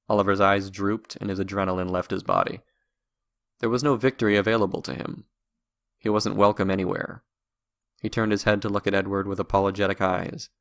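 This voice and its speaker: Low, gravelly male storyteller. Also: fairly bright tone. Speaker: narrator. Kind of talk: scripted story narration.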